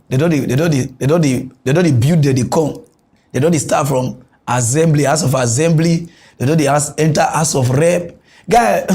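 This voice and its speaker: A young man with a Nigerian Pidgin accent hosting a comic mock news show, ranting with frequent chuckles. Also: fairly high pitch. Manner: animated ranting, chuckles often.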